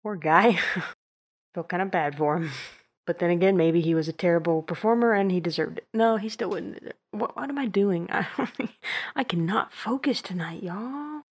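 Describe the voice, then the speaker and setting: A woman reading a script, giggling at her own slips and slowly repeating hard words. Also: on the low side. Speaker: video host reading a script. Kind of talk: casual blooper-reel reading.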